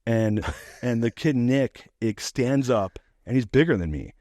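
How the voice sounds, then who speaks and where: A middle-aged man telling a profane, animated story as a podcast guest, laughing now and then. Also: mid-range voice, measured pace, no room sound, studio quality. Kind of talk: casual storytelling.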